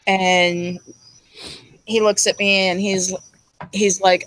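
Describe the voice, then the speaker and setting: A woman in a loose group chat tells a crude personal story, with a pitch that sits mid-range for a woman. She is blunt and laughs easily, acting out what others said as she goes. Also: flat delivery, slow pace, fairly bright tone, no echo, low-quality recording. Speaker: storyteller guest.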